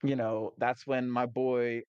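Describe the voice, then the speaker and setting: A man's voice: medium pitch, little pitch movement, takes it slowly, darkish tone, clear, resonant tone, dry recording, muffled recording. Laughing, profane man recapping a game. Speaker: game master recapping a session. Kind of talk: casual tabletop game recap.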